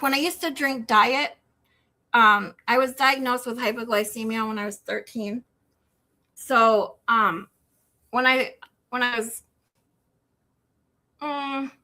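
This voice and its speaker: A woman with a Michigan accent, hosting a livestream and chatting casually with her viewers, animated and rambling, often incredulous. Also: a little high. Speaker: livestream host. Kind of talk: casual chat with live chat. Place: home in Texas.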